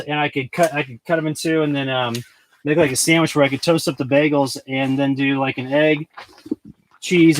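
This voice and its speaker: There's slight background noise as a man with a fairly high voice livestreams from a snowy off-grid camp. Moving around outdoors and inside a large tent, he talks casually and rambles, repeatedly restarting and using many fillers.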